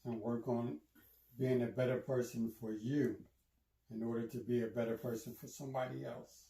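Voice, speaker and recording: A man, the host's partner, speaking very softly and gently. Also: medium pitch, level tone, moderate pace, vocal fry, distant mic. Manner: very soft-spoken. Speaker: partner of the host. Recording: roomy, away from the mic.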